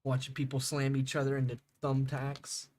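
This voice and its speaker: A man's voice: mid-range voice, completely flat delivery, normal speed, darkish tone. A young man streaming a game, chatting casually with viewers, rambling and laughing, swearing freely.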